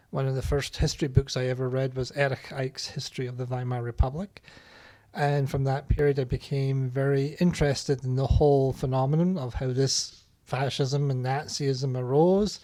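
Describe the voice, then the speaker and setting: A man from Scotland speaks on a home-recorded podcast at a middle pitch. He talks hesitantly, often pausing on ums and uhs as he gathers his thoughts. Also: mellow. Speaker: podcast co-host. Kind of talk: casual podcast chat.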